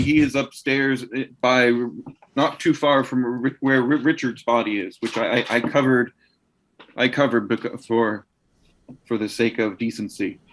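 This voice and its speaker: A man narrating his own character in a tabletop game, halting and stammering through his lines. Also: mid-range voice, a little hiss or hum. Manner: halting, stammering, many restarts.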